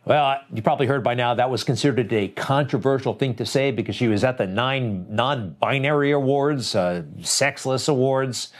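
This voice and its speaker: A man's voice: medium pitch, moderate pace, hardly any pauses, a little hiss or hum. A man hosting a commentary show, talking over clips in an indignant, sarcastic, conversational way.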